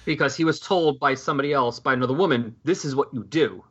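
A man co-hosting a casual chat about a sitcom, animated and acting out characters' lines. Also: medium pitch, quick pace, breathy edge. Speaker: podcast co-host. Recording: dull lo-fi sound.

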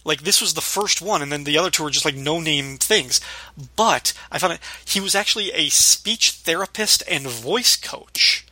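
A man's voice: a little high, expressive, moderate pace, sharp tone, dry recording. A man co-hosting a podcast, talking in a casual, rambling way with lots of fillers and restarts. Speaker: podcast co-host.

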